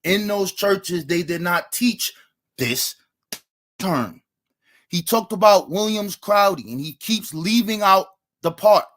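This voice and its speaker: A man's voice: sits high, animated, slow, fairly bright tone. A man arguing his side in a debate, reading passages from books to back his points. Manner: reads quotes from books, argumentative. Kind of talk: debate argument.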